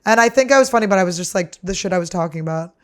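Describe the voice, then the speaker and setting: A woman's voice: fairly low pitch, very fast. A woman comedian hosting a podcast, telling stories in a casual, chatty way, swearing freely and laughing as she talks. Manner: animated, laughs through her stories. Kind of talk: casual storytelling.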